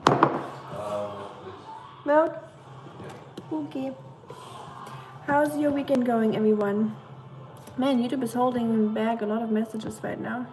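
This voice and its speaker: Slow-talking woman with German accent. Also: fairly high pitch, steady tone, mellow, rough recording. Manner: chatty, greets viewers and answers chat, frequent fillers. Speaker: livestream host. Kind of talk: casual livestream chat.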